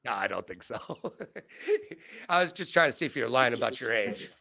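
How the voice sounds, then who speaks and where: A man's voice: medium pitch, normal speed, gravelly, very noisy. A man in his forties hosting an interview, joking and playful in casual chat. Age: 40s. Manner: joking, animated, playful asides. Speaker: host.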